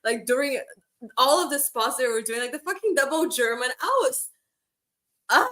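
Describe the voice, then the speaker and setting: A woman co-host gushing about wrestling with emphatic, cussing enthusiasm. Her voice is bright and a bit high. She talks in loose, casual bursts. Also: animated, moderate pace. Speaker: podcast co-host. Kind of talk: casual podcast review.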